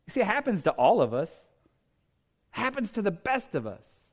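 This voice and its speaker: A man's voice: high-pitched, wildly swooping pitch, normal speed, long pauses. A male pastor preaching a sermon in a conversational way, reading scripture and asking the congregation questions. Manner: reads scripture aloud, acting out the speakers' lines.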